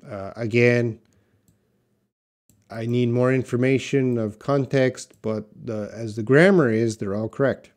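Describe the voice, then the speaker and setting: A man teaching English in a live-stream Q&A, slowly and patiently answering viewer questions with example sentences. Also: mid-range voice, fairly even intonation, a little mellow.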